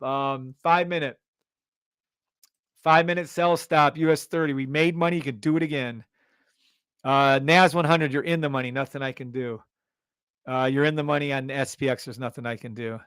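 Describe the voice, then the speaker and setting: A man hosting a live trading stream, loud and hyped, cursing freely and dropping from shouts to mutters. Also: mid-range voice, steady tone, measured pace, pauses often, smooth, no echo.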